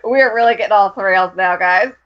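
Woman, podcast co-host, giggly and animated, mid pitch, muffled lo-fi sound. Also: brisk. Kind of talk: casual chat. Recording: dull lo-fi podcast audio.

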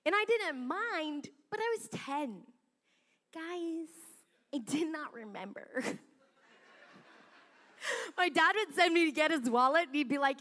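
High-voiced woman preaching with lively storytelling. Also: slow pace, long pauses, big-room sound. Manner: chatty, animated, laughs often. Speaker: pastor. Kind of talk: sermon storytelling. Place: church sanctuary.

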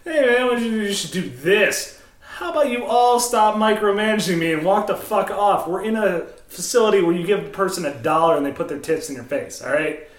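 A man's voice: high voice, a little fast, echoey room. A man, a former strip club DJ, telling profane stories in casual podcast chat and laughing often. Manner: profane, laughing, acts out quoted voices.

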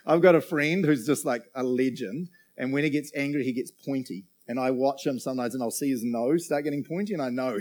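A man's voice: mid-range voice, a little fast, hardly any pauses, darkish tone. A man preaching a casual sermon, joking around and checking in with the crowd after almost every point. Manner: chatty and jokey, keeps checking in with the crowd.

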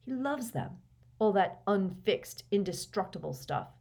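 A woman's voice: medium pitch, expressive, a little slow, gravelly, dark tone. A woman voicing a fuming teenage boy wizard in an audiobook reading, speaking in a heated, indignant way.

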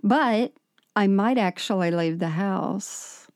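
A woman co-hosting a podcast in casual chat, wry and quick to interrupt. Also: mid-range voice, darkish tone, no room sound, studio quality. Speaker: podcast co-host.

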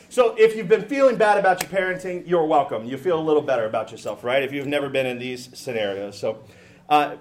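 A middle-aged man delivers a sermon in a fairly high voice, keeping it casual and animated. He jokes with the congregation, often restarts sentences, and acts out the words of tired parents as humorous asides.

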